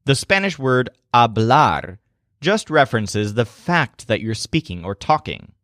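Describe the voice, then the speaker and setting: A man narrates a scripted language lesson, walking through mnemonic stories with a calm, explanatory delivery. His voice sits at an ordinary middle pitch. The sound is close and dry, with no room around it. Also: dry recording. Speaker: language teacher.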